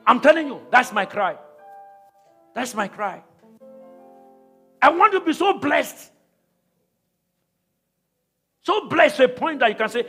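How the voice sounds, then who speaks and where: A man preaching as pastor at a church service, calling out to the congregation with repeated phrases, then shouting prayers. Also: fairly high pitch. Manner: repetitive, calls out to the congregation. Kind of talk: sermon and prayer.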